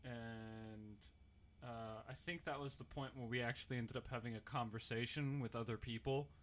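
A man's voice: medium pitch, normal speed, a little hiss or hum. A young man telling a story in casual chat, playful and acting out what people said. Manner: playful, animated storytelling with acted-out quotes.

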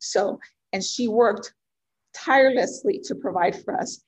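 A woman in her forties whose first language is Spanish, telling her life story as an interview guest in an earnest, heartfelt way, with many ums and pauses. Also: mid-range voice, breathy edge. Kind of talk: personal life story in conversation.

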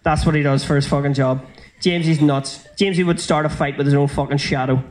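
A young man with a Northern Irish accent, telling a stand-up story in a brisk, sweary, conversational way. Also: fairly high pitch, steady tone. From South Armagh, Northern Ireland. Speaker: stand-up comedian.

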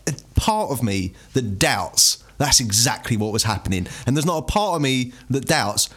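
Man, young adult, animated pitch, laughs a lot, rambling chat. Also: normal speed, husky. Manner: laughs often, rambling and warm-hearted. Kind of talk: casual chat.

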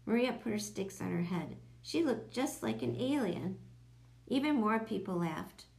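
Woman narrator for a children's audiobook, lively and expressive. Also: mid-range voice, unhurried, gravelly.

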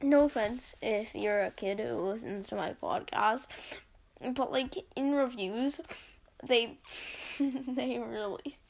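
Giggly high-voiced woman with vocal fry. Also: takes it slowly. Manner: rambling, giggly, lots of ums. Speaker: podcast host. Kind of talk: casual solo podcast reading listener reviews.

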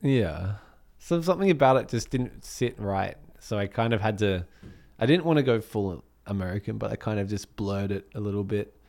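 A man's voice: lowish voice, normal speed, creaky. A man with an Australian accent, chatting casually as a podcast co-host about making music, rambling a little as he goes. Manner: rambling, relaxed, with fillers. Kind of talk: casual chat.

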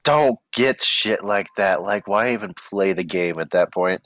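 A blunt man in a casual gaming chat who talks in short, clipped remarks. His voice sits fairly low and is recorded dry and close. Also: a little slow, a bit bright, no room sound. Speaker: podcast co-host.

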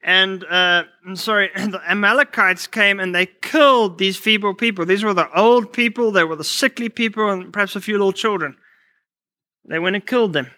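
A man delivers a sermon in a high, bright voice, mixing personal stories with scripture. He restarts phrases often and fills pauses with "uh." The recording is dry and close. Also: no room sound. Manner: storytelling, quoting scripture, many restarts. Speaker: preacher.

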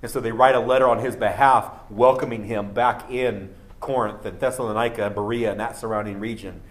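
A man's voice: lowish voice, steady tone, brisk. Earnest male pastor preaching. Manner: earnest, rises to emphatic peaks. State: coughing. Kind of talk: sermon.

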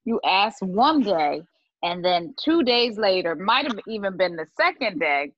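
An animated woman co-host who keeps pressing her point in easy podcast chat. Her voice sits at a middle pitch. The recording is dry and a little muffled. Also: a little slow, no echo. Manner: animated, insistent, laughs often. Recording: dry, slightly dull lo-fi sound.

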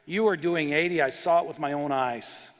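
A man's voice: a little high, moderate pace, dull audio, natural voice. A man voicing a fed-up wife who speaks dryly and bluntly, in a reverberant church hall. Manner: dry, blunt.

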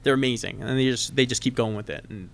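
A man telling convention stories on a casual podcast, animated and often laughing. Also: mid-range voice, quick pace, gravelly. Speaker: convention guest. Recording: noisy podcast recording.

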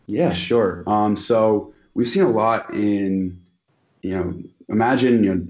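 A man's voice: fairly low pitch, slow, darkish tone, dull audio. A man guest explaining a technical topic, filling his sentences with "um" and "you know". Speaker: expert guest.

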